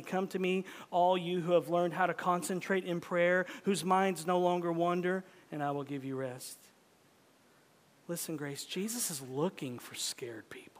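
A man preaching a sermon as pastor, swinging from loud urgent pleading to soft, whispered tenderness. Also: fairly high pitch. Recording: long hall reverb.

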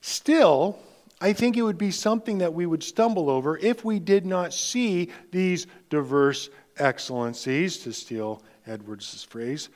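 A man preaching a sermon with slow, emphatic delivery, dropping into hushed tones for emphasis. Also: a little high, expressive. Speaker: pastor.

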